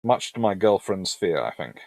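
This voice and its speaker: A man's voice: deep voice, big pitch swings, moderate pace, gravelly, darkish tone, dry recording, studio quality. A man from Surrey with a southern English accent, hosting a history live stream and chatting casually through viewer comments. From Surrey, England. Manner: rambling, chatty, chuckling.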